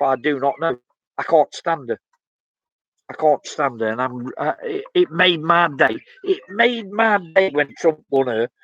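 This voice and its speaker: A man's voice: medium pitch, fairly bright tone, dry recording. Blunt, rambling man ranting. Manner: blunt, opinionated, rambling with many fillers. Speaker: vlogger reading live chat. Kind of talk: casual live-stream rant. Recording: dull lo-fi dry sound.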